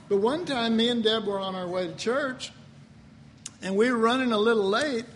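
An older man, a pastor, preaching a sermon in a folksy storytelling manner, often clearing his throat and chuckling. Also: extremely high pitch, moderate pace, slight background noise. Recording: long hall reverb.

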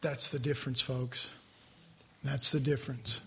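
A man teaching a Bible class in a conversational, animated sermon style, with asides to his listeners. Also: medium pitch, a little slow, creaky.

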